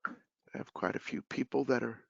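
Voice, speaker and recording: A man with a gravelly, creaky voice hosts a business webinar in a casual, relaxed manner, working through questions and closing remarks. The audio is dry and a bit dull, as over a video call. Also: mid-range voice, normal speed, dry recording. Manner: casual, relaxed, filler-heavy. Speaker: webinar host, life sales director.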